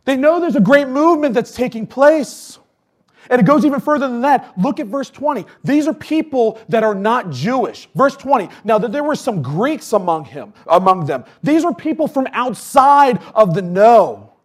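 A man preaching a casual, conversational sermon, telling stories with lots of fillers and swinging between loud bursts and hushed asides. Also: extremely high pitch, lively intonation, normal speed. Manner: chatty with many fillers.

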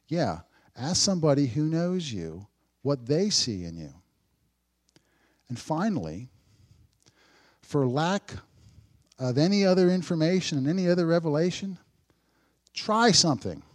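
A man's voice: a little high, sing-song, a little slow, long pauses. Male pastor, conversational sermon delivery, dry humor, big dynamic swings. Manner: conversational preaching with dry sarcasm, swings from loud to hushed.

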